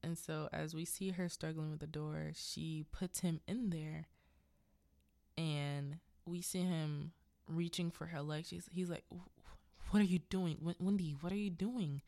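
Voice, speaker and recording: A low-voiced woman casually recapping a film on her podcast, talking slowly. She rambles with unsure asides, and her voice is close and dry. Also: gravelly, darkish tone, dry recording. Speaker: podcast host.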